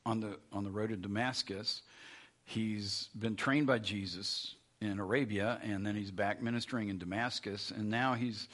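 Guy giving a sermon, low husky voice, chatty and loose. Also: fairly bright tone. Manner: conversational, with frequent restarts and asides. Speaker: pastor.

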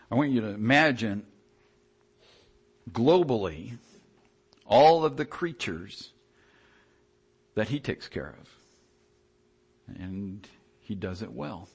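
A man preaching a sermon in a conversational, animated way, often restarting his sentences. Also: fairly low pitch, takes it slowly, pauses often, breathy edge.

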